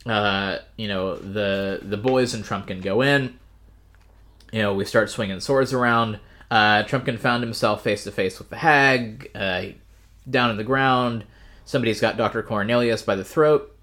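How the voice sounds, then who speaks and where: Man, podcast co-host; lowish bright voice, wry and rambling. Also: unhurried. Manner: wry, rambling, frequent fillers. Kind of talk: casual book discussion.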